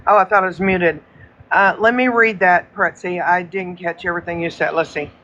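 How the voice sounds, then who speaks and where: A woman's voice: lowish voice, steady tone, normal speed, fairly bright tone, lo-fi sound. A woman hosting a live stream, chatting casually and repeating her points insistently. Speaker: livestream host.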